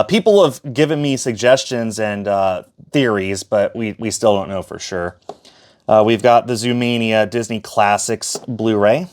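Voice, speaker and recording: A man giving a casual, chatty tour of his disc collection, with fillers and self-corrections as he goes. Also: mid-range voice. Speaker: collector showing his shelf.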